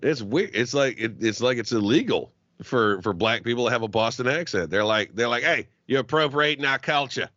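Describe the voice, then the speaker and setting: Profane low-voiced man joking on a podcast. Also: a little fast, a bit bright, no echo, lo-fi sound. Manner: profane, joking, laughs often, trailing restarts. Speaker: podcast co-host. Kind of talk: crude comedic podcast banter.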